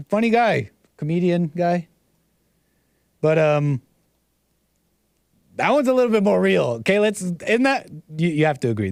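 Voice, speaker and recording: Reacting to videos on his livestream, a man rambles, repeats himself, and throws in mocking remarks. His voice is high-pitched with a darkish tone, recorded cleanly in a studio with no room sound.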